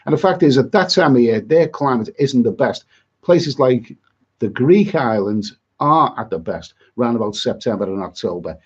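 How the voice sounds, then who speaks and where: A man's voice: medium pitch, expressive, moderate pace, breathy edge, muffled recording. A middle-aged man on a livestream, chatty and exasperated, rambling with many repeats and asides. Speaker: travel vlogger on a livestream.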